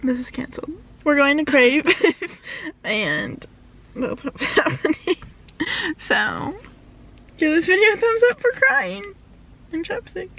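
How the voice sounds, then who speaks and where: A young woman in her twenties, chatting excitedly on her phone camera in a vlog, bubbly and talkative. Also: sits high, slow, vocal fry, pauses often, slight background noise. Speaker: vlogger. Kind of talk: casual vlog chat. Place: in a car, then indoors. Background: loud music.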